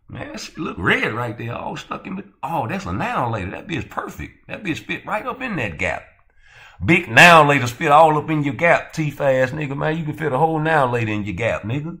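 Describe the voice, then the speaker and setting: A man hosting his own channel, ranting and roasting others in a loud, profane, mocking way. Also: a little high, very animated, a little fast. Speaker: channel host. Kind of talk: heated roast commentary.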